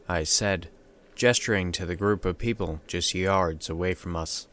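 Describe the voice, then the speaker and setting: A man narrating a first-person horror story in a steady, measured way. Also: low-pitched.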